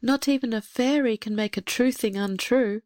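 A gentle good fairy from a storybook who speaks slowly and solemnly, with a touch of sadness, as a woman reading aloud gives her voice. The recording is dry and close. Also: fairly high pitch, no room sound, lightly acted.

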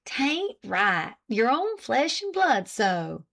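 A woman's voice: mid-range voice, lively intonation, unhurried, creaky, a bit bright. Woman reading as a nervous old rustic man with a drawling country dialect, for a storybook. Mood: indignant. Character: old rustic New England man, anxious, folksy.

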